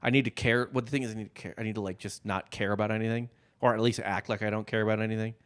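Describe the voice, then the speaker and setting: Podcast co-host, male, lowish smooth voice, rambling casual storyteller. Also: fairly even intonation, very fast, a bit bright. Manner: loose, rambling storytelling with many fillers. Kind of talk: casual history podcast chat.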